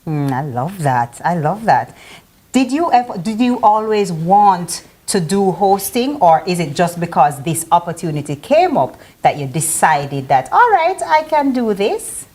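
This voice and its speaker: A woman's voice: on the low side, very animated, unhurried, darkish tone. A woman with a Jamaican accent hosting a morning TV show, chatting in a playful, teasing way. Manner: playful, teasing, laughs easily. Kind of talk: casual TV chat.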